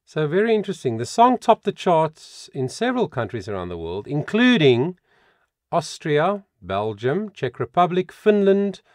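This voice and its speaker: A man working as a vocal coach, reading out song facts in a reaction video and adding animated comments of his own. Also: a little high, moderate pace, dry recording, clean studio sound. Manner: reads song facts aloud with animated asides.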